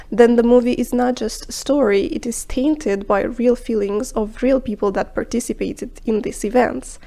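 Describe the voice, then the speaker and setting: Woman, high-ish voice, scripted review narration, measured and explanatory, with the odd hushed aside. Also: gravelly. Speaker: film review vlogger.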